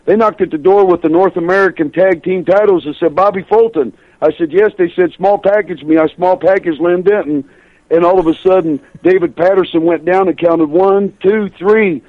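A man's voice: high-pitched, moderate pace, no room sound, narrow, tinny audio. A man in his sixties, a professional wrestler as a radio guest, telling chatty road stories and laughing through them. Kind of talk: radio interview storytelling.

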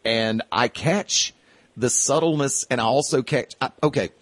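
A man's voice: mid-range voice, a little slow, a bit bright, dry recording. A man hosting a casual interview show, chatty and rambling, laughing easily. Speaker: podcast host.

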